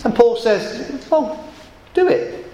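Pastor preaching in an echoey room. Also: male voice, extremely high pitch, sing-song, slow, warm tone. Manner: storytelling with jokes, rising emphasis. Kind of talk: sermon. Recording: echoey room with faint noise.

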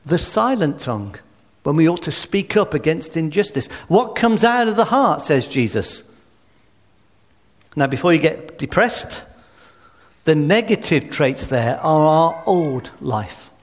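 A man's voice: a little high, sing-song, unhurried. A man preaching a sermon, emphatic and full of rhetorical questions. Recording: reverberant hall.

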